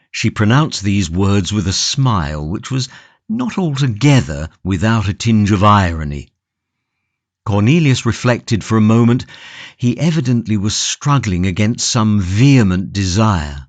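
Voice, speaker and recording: Slow, expressive male audiobook narrator. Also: fairly low pitch, no room sound. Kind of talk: scripted narration.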